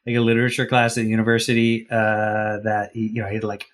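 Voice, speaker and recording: A man from the Deep South telling a story on a podcast, rambling with many fillers and restarts. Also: monotone, fast. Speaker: podcast co-host. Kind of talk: casual storytelling.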